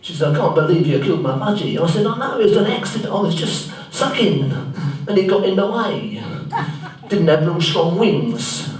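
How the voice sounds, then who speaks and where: A man's voice: on the high side, expressive, normal speed, darkish tone, close to an everyday voice. A man playing a bumbling, well-meaning, accident-prone man, telling a rambling comic story live on stage. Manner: naive, earnest, rambling storytelling full of mishaps. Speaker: stand-up tribute performer. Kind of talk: live comic monologue in character. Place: theatre stage. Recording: very echoey live room, mic far off.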